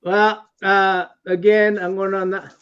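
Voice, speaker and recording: A man's voice: high-pitched, level tone, slow, fairly bright tone, clean tone, highs cut off. A man who is a regular in a casual online chat, teasing and asking blunt questions. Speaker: regular guest.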